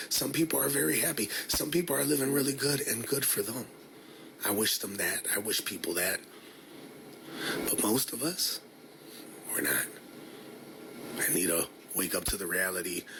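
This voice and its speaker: Man, low gravelly voice, tired and blunt, musing to camera. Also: noisy background. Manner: weary, reflective, blunt. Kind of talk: vlog monologue.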